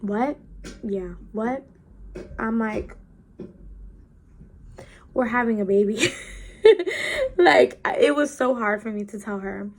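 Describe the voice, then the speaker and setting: A young woman vlogger telling a personal story in a casual storytime chat, acting out the quotes in lively voices. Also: a little high, slow, pauses often. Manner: animated, acts out quotes in changing voices. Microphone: camera mic while doing makeup.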